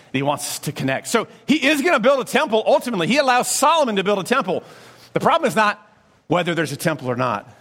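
A male pastor delivering a sermon, talking to his listeners in a conversational, animated way. His voice sits high and leaps around a lot in pitch. He keeps checking in with rhetorical questions and small asides.

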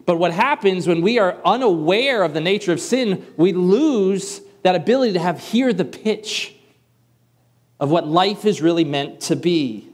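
Higher-voiced male preacher. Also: normal speed, few pauses. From Northern US. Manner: conversational, self-deprecating humor. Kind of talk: sermon.

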